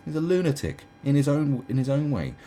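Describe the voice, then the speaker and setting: A man's voice: on the high side, big pitch swings, fairly quick, dark tone, slight background noise. A man in his twenties or thirties ranting about politicians in a casual, sarcastic, profane monologue, slipping into mocking impressions. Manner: sarcastic, mocking, profane, does mocking quoted voices. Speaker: commentary channel host. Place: indoors at home.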